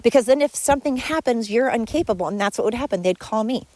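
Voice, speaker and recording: A middle-aged woman hosts her own solo podcast, ranting sarcastically about former coworkers and mimicking them in high voices. She's animated and talks fast, with a darkish tone. The recording has no echo.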